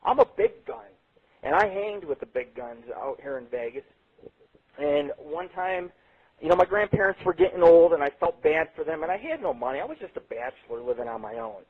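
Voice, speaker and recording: A man hosting a late-night internet radio show, telling rambling, profane stories with sudden jumps in pitch. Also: very animated, a little fast, husky. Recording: tinny phone-like sound.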